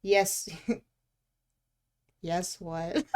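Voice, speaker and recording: A woman with a lowish voice and big pitch swings speaks very slowly over a very noisy recording. She's streaming as she draws, chatting casually, teasing herself, swearing offhandedly and laughing often.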